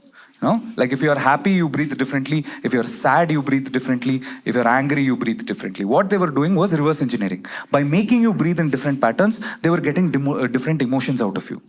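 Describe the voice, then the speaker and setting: A man's voice: medium pitch, fast talker. A man with an Indian English accent doing stand-up storytelling on a theatre stage, slipping in Hindi phrases. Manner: animated, mixes in Hindi phrases. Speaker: stand-up comedian. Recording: loud background noise.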